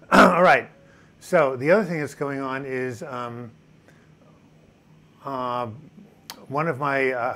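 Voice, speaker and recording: A man hosts a relaxed live chat from home, reading out viewers' names and comments with plenty of uhs and ums. His voice sits at an ordinary middle pitch. A faint hum of outdoor noise stays in the background. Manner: chatty, reads viewer names and comments aloud, frequent uh and um. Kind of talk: casual live-stream chat. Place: home in Portland, Oregon. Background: faint music and outside noise.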